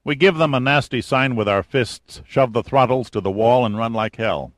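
A man's voice: mid-range voice, normal speed, no room sound, close to an everyday voice. A man voicing a wry, daring adventurer who stays cool under threat, with dry, cocky humor. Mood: defiant.

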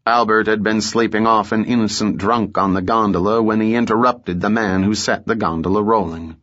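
Male storybook narrator, lowish voice, measured; muffled lo-fi sound. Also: steady tone, fairly bright tone. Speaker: audiobook narrator. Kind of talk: scripted narration. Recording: muffled lo-fi audiobook.

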